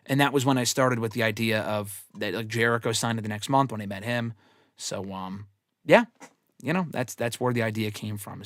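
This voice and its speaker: A man's voice: mid-range voice, a bit bright, dry recording. Rambling, profane man on a dry mic. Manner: rambling, profane, self-deprecating storytelling. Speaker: wrestling show host answering fan questions. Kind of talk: casual livestream chat.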